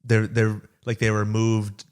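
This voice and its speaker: Co-host, young adult man, lowish voice, loose rambling delivery. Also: monotone, a little slow, darkish tone, smooth. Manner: rambling, filler-heavy storytelling. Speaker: podcast co-host. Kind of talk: casual chat.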